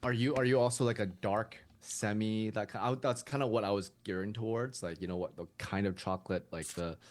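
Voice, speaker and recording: A man's voice: fairly low pitch, fairly even intonation, a little fast. A man co-hosting a podcast in casual chat, curious and chatty, asking follow-up questions. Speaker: podcast co-host.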